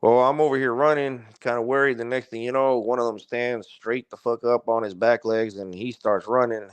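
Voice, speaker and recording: Smooth-voiced man telling a story. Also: medium pitch, fairly even intonation, moderate pace, no echo. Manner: rambling, profane, heavy use of "like". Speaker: podcast guest. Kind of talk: casual storytelling.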